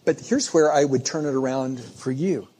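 A man's voice: medium pitch, normal speed, mellow, husky. A man preaching a sermon in a conversational storytelling way, often restarting phrases as he goes. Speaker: pastor.

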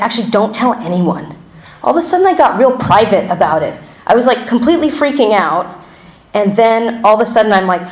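Woman giving a candid church testimony. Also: on the low side. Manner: candid and conversational, many fillers and self-corrections, wry asides. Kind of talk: personal testimony to a congregation. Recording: roomy hall echo.

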